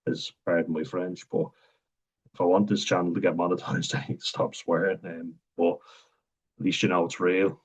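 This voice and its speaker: A man's voice: deep voice, flat delivery, moderate pace. A young Irish man with a Wexford accent, rambling frankly in a personal vlog monologue, swearing freely and laughing between thoughts. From Ireland. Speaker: vlogger. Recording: dull lo-fi sound.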